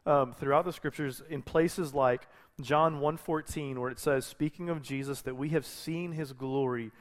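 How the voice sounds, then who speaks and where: A man preaching a sermon as a pastor, talking in a conversational way with frequent restarts and self-corrections. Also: fairly high pitch.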